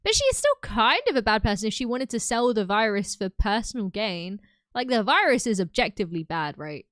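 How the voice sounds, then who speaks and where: A woman's voice: medium pitch, big pitch swings, brisk, a bit bright, dry recording. A young woman streaming live, chatting casually with her viewers, giggling often and filling her talk with "like" and "um". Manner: chatty, giggly, lots of fillers.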